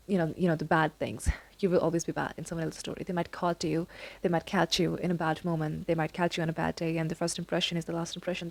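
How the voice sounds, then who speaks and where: A woman's voice: lowish voice, creaky, darkish tone. A young woman giving earnest, repetitive advice about college life, talking straight to the listener in a casual vlog. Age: young adult. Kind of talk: casual advice talk to camera.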